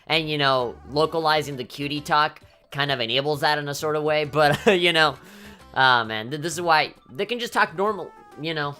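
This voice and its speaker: A woman with a low, bright-edged voice talks through a game in loose, casual commentary. She swears freely and keeps flaring up in playful mock outrage. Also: fairly quick, soft background music. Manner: animated, swears often, mock-indignant outbursts. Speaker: let's play commentator.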